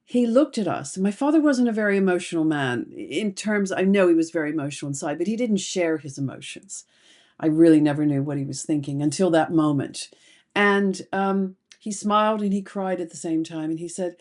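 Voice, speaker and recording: Middle-aged woman therapist, low mellow voice, unhurried and heartfelt delivery, reflective talk to camera. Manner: slow, deliberate, emotional storytelling.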